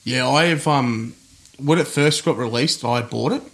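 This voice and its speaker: A man's voice: medium pitch, a bit bright. Man, podcast co-host, chatty and teasing. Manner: chatty, teasing, quick to laugh. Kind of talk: casual chat.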